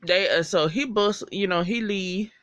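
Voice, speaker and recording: A speaker recapping a TV episode in a chatty, animated and profane way. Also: mid-range voice, unhurried, clean tone, no echo, lo-fi sound. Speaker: TV show recapper.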